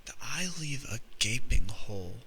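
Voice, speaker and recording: A man's voice: mid-range voice, expressive, normal speed, sharp tone, slight background noise, rough recording. A man hosting a podcast, telling rambling, profane stories and laughing as he goes. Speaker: podcast host. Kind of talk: casual storytelling monologue.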